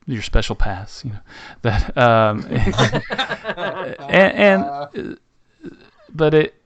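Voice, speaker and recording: A man co-hosting a podcast, recounting a trip in a halting way with wry complaints. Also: mid-range voice, very animated, lo-fi sound. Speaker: podcast co-host. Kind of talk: casual chat.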